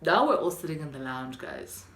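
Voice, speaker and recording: A young South African woman telling a story on her vlog, chatty and animated. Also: low-pitched, normal speed, reverberant. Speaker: vlogger.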